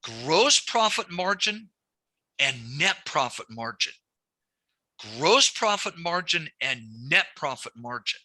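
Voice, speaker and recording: A man's voice: fairly high pitch, sing-song, slow, bright, forceful tone, no room sound. A man teaching a lending class, repeating key points and telling stories from his banking days. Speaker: banking instructor. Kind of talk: classroom lecture.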